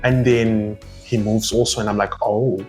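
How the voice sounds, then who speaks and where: Young man, from South Africa, lowish voice, casual vlog chat, rambling, faint guitar music behind. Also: moderate pace. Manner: rambling and animated, with asides and laughs. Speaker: vlogger.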